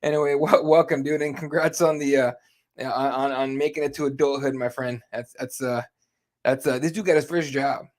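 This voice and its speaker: A man's voice: mid-range voice, fairly even intonation, brisk. A man from Arizona co-hosting a casual podcast, reading out live chat in an easygoing way and laughing often. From Arizona, USA.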